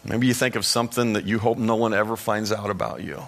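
A male pastor giving a sermon in a conversational, storytelling manner, with lively asides to the congregation. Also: lowish voice, fast talker, vocal fry.

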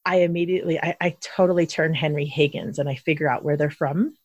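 A woman with a low voice hosts a relaxed interview, chatty and animated as she reminisces. The sound is close and dry, with no room around it. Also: quick pace, dry recording. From Philadelphia. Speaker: podcast host. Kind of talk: casual conversational interview.

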